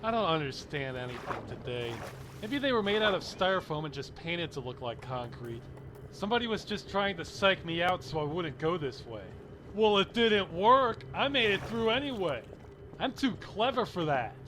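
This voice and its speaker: Brief: male gamer, high and lively voice, deadpan sarcasm with bursts of yelling. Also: normal speed, slight background noise. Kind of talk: let's play commentary. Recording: game gunfire behind voice.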